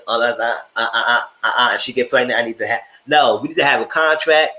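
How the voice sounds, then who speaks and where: A man hosting a live show, giving animated, opinionated commentary on reality TV and talking straight to his viewers. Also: medium pitch, quick pace, hardly any pauses. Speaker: host reviewing reality TV.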